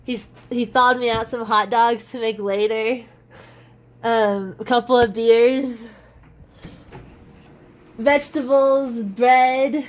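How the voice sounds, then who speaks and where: Slow-talking, gushing woman hiker. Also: on the high side, fairly even intonation. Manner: gushing and rambling, laughs often. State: exhausted and emotional. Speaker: long-distance hiker. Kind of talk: casual vlog, talking to camera. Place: indoors in a half-built hiker shelter.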